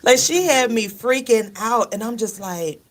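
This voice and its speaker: A woman's voice: a little high, measured pace. Middle-aged lady co-host on talk radio, laughs a lot, tells stories doing everyone's voices. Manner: animated storyteller, laughs often, quotes others in voices. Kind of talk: casual chat.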